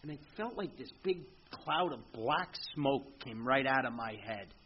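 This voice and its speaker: A man's voice: mid-range voice, expressive, slight background noise. Earnest middle-aged man sharing his recovery story. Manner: halting, earnest, with frequent restarts. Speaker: speaker sharing at a recovery meeting. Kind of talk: personal recovery testimony. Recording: muffled lo-fi meeting recording with faint ambience.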